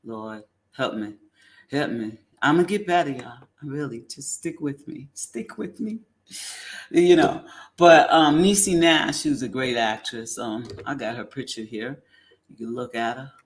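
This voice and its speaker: A woman hosting a casual commentary show, rambling and halting with many ums. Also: very deep voice. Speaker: host.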